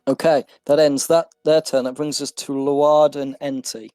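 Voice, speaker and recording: A man's voice: on the high side, little pitch movement, warm tone, clear, resonant tone, no echo. A man narrating as game master in a casual tabletop game, counting out moves as he goes. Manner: measured, counts movement squares aloud.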